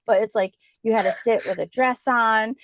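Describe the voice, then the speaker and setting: A middle-aged woman with a New Jersey accent co-hosts a podcast, chatting casually and rambling with lots of fillers and restarts. Her voice is a little high, her pace moderate, and crowd noise can be heard.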